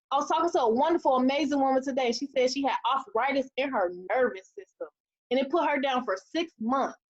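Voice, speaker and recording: High-voiced woman leading a webinar. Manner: animated, preachy, acts out quotes in a high voice. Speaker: team leader. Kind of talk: motivational webinar talk. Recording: dull lo-fi webinar audio.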